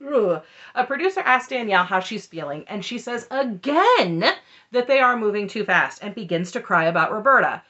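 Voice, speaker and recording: Snarky woman recapping tv, bright lively voice, kinda muffled lo-fi sound. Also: medium pitch, normal speed. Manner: chatty, snarky asides. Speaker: recap host. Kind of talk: casual commentary recap. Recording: muffled lo-fi audio.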